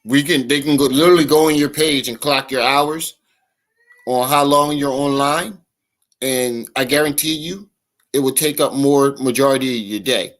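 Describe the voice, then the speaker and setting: A man's voice: medium pitch, moderate pace, a bit bright. A man hosting a livestream, giving mocking, incredulous reaction commentary full of profanity. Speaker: livestream host.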